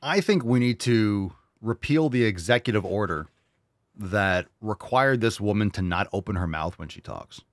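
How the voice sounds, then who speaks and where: A man's voice: fairly low pitch, expressive, normal speed, no echo, studio quality. A man hosting a casual reaction show, talking bluntly and sarcastically with plenty of swearing. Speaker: show host.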